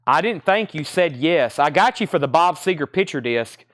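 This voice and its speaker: A man hosting a live online record sale, calling out titles, grades and prices in a steady patter, sounding tired and out of breath. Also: fairly high pitch, moderate pace, no room sound, studio quality.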